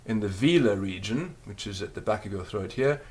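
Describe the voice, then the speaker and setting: Guy with a lowish voice teaching a language class on tape, patient, walks you through stuff and says the sounds out loud. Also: lively intonation, brisk, slight background noise. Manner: patient, explanatory, demonstrates sounds aloud. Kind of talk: recorded language lesson.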